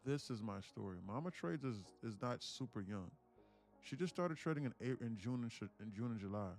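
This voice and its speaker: A man's voice: fairly low pitch, a little mellow. A man hosting a live day-trading stream, ranting, swearing and talking motivationally to his viewers.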